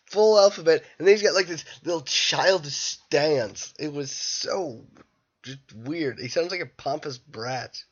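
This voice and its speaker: A man's voice: a little high, slow. Tired young man rambling a movie review. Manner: rambling, loose and irreverent, mimics lines in loud bursts. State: tired late at night. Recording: dull lo-fi home recording.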